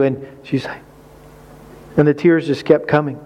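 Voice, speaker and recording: A man's voice: a little high, lively intonation, normal speed, long pauses, a little mellow, muffled recording. A man preaching a sermon to men about marriage, telling a personal story and acting out his own reactions with animation. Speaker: pastor.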